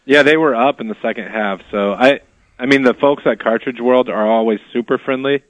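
A man's voice: mid-range voice, a little fast, no room sound. A man from the Midwest co-hosting a radio talk show remotely, chatting with dry, understated humor. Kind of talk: casual radio chat over a phone line. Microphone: remote phone line. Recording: tinny phone line.

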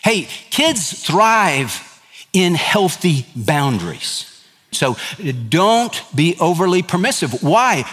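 A man's voice: high-pitched, fairly bright tone. A middle-aged male pastor preaching a sermon in an earnest, emphatic way, often working through numbered points. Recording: hall reverb.

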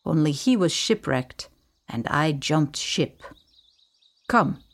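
A woman voicing a grave, bearded older man who speaks slowly and formally with a thick foreign accent. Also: low voice, expressive, exaggerated voice.

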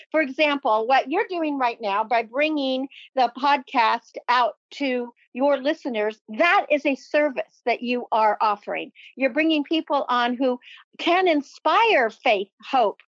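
Upbeat motivational guest, woman, high voice, dry and slightly dull recording. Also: no echo. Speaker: podcast guest, motivational speaker. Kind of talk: enthusiastic interview talk. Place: home office library. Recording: dull, lo-fi sound.

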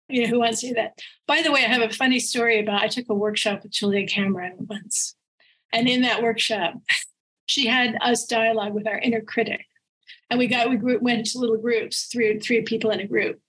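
A woman, an author being interviewed, telling stories in an animated way and laughing often as she talks. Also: on the high side, brisk, slightly rough, low-quality recording. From United States. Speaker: author guest. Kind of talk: casual interview storytelling.

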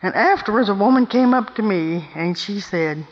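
A woman's voice: mid-range voice, expressive, moderate pace, hardly any pauses. An older woman speaks at a women's meeting, telling stories in a folksy, emphatic way and prodding her listeners along. Her voice rings with a long echo through a big hall. The recording sounds a little dull. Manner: emphatic, asks the audience "Hmm?". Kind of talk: folksy storytelling talk to women.

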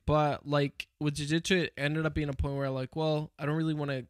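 A young man talking in a casual chat, his voice sitting a touch high for a man. He rambles through his stories with plenty of fillers and restarts. The recording is dry and close. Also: little pitch movement, fairly quick, smooth, no room sound.

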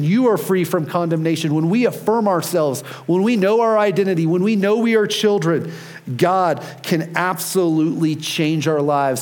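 A pastor in his thirties, his voice a little high, preaches an earnest, emphatic sermon. When he turns to prayer, he eases into a soft, quiet tone.

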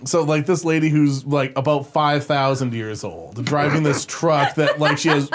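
A man telling a funny story in casual, animated conversation. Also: a little high, moderate pace, background noise. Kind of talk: casual chat.

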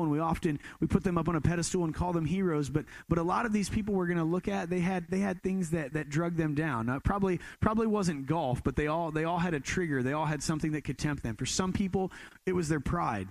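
A man's voice: a little high, no echo. A man in his twenties preaching a sermon, telling a casual self-deprecating story with many restarts. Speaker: pastor.

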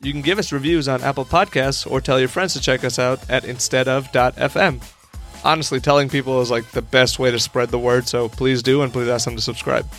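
A man co-hosting a podcast in casual comedy chat, joking and excitable, swearing when worked up. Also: mid-range voice, brisk, soft background music. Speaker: podcast co-host.

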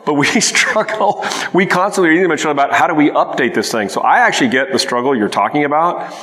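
Man, rapid panelist, energetic, long hall reverb. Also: fairly high pitch. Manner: energetic, talkative, laughs often. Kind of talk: conference Q&A panel. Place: conference hall.

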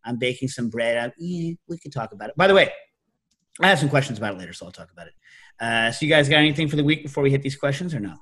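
A middle-aged man hosting a casual chat, telling stories with lively energy and jumping into loud, high-pitched imitations. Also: racing, slightly rough. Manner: animated storyteller, leaps to high shouted imitations. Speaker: podcast host.

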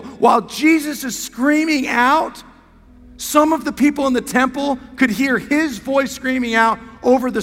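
A man preaching a sermon as pastor, impassioned, moving from hushed words to shouts. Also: high voice, long reverb tail. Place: church sanctuary.

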